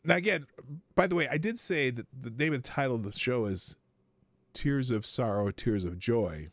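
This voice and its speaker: A man hosting a live show, rambling through casual commentary with frequent swearing and sudden jumps in pitch. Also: moderate pace, dry recording.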